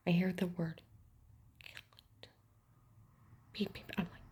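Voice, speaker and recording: A woman giving an urgent, agitated personal account, often dropping to a hushed whisper. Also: lowish voice, flat delivery, takes it slowly, pauses often, slight background noise. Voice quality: gravelly, very husky. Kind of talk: personal account told to camera.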